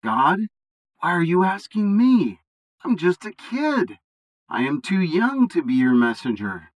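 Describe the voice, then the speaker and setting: A man doing a young boy prophet in a read-aloud bible story, timid and unsure of himself. The voice sits higher than a grown man's and moves widely, pleading and questioning. It is unhurried, close and dry. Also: sing-song, no room sound, rough recording.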